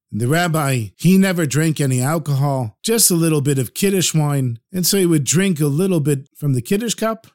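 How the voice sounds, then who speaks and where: A man narrating a story in an animated, expressive way, explaining terms as he goes. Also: on the high side.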